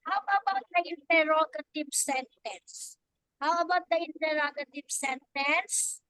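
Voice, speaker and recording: A young woman teaching a grammar lesson, talking slowly and patiently and repeating her questions to the students. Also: sits high, a bit bright, dry recording, rough recording.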